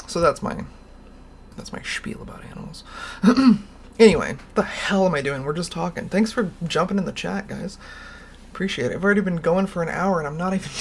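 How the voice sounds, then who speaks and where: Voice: mid-range voice, a little hiss or hum. A livestream host telling stories in a casual, rambling way, laughing often and swearing casually.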